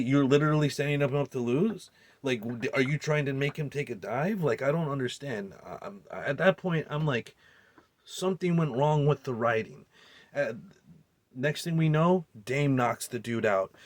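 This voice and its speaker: A movie reviewer with a mid-range voice, recorded with no room sound, gives a heated, profanity-laced recap and review of a film. He sounds incredulous and rambles, with restarts and fillers.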